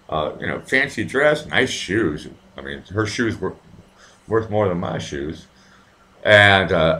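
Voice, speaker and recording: Male live-show host, low voice, animated delivery, rambling and profane, casual storytelling. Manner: rambling, profane, with many restarts.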